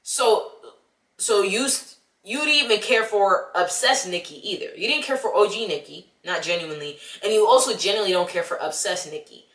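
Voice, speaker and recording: A young woman, casually ranting about a movie she saw and talking straight to the viewer in an animated, exasperated way. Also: mid-range voice, normal speed, reverberant. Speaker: vlogger. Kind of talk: casual movie review rant.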